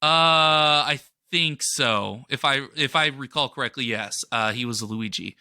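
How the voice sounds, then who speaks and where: A man's voice: medium pitch, a little slow, pushed and bright, clean tone, no echo, clean studio sound. A man chatting casually as a podcast cohost, enthusiastic and rambling with lots of fillers. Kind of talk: casual pop-culture chat.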